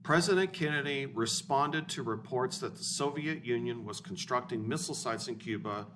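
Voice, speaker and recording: A man's voice: medium pitch, moderate pace. A man in his forties lecturing as a history teacher, blunt and informal, often checking in with his students. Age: 40s. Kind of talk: recorded classroom lecture. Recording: distant mic with room noise.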